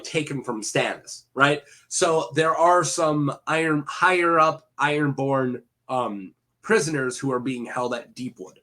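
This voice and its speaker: A man's voice: mid-range voice, a bit bright. A man casually retelling fantasy lore for a video, rambling with many fillers and self-corrections and throwing in jokey asides to the viewer.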